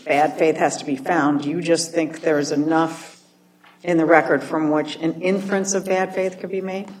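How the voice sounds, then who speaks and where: Female appellate judge, very low pitch, skeptical, distant and slightly noisy. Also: steady tone, moderate pace, a little mellow. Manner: skeptical and direct. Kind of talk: judge questioning counsel. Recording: distant mic with faint noise.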